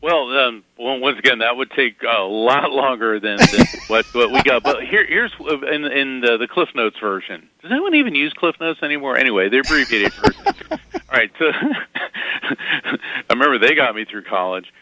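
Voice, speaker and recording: A man guesting on an interview, telling lively anecdotes with quick asides and chuckles. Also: medium pitch, noisy background. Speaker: guest psychic medium. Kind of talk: casual interview storytelling.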